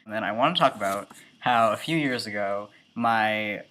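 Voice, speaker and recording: A man's voice: lowish voice, moderate pace, bright, forceful tone, a little hiss or hum. A man in his early twenties talking casually in a video diary, chatty and full of ums and likes. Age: 20s. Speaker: vlogger.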